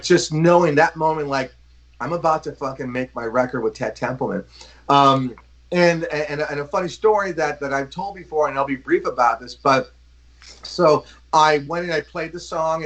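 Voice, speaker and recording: A man in his fifties from Los Angeles, a guest drummer telling a profane, animated story with lots of fillers in a casual interview. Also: fairly high pitch, moderate pace. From Los Angeles, USA.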